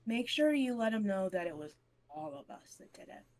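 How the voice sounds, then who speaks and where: A woman's voice: mid-range voice, very animated, normal speed, a little mellow. A woman chatting casually as a player in a tabletop game. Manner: casual, laughing easily.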